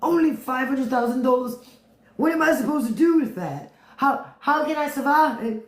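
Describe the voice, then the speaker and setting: A woman's voice: sits high, animated, moderate pace, voice pushed up. Woman doing a whiny stammering billionaire man. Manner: stammering, pleading, indignant. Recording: roomy echo.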